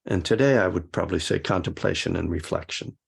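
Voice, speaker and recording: A man teaching a meditation class, talking in a halting, reflective way with frequent restarts. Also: low-pitched, gravelly, breathy edge. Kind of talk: casual dharma talk to a class.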